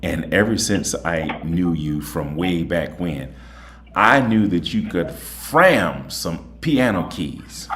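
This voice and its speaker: Male host, very low voice, folksy and chatty, a bit tired. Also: animated, takes it slowly, fairly bright tone, slight background noise. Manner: chatty, folksy, repeats "okay?". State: voice a little tired. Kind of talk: casual monologue and phone chat.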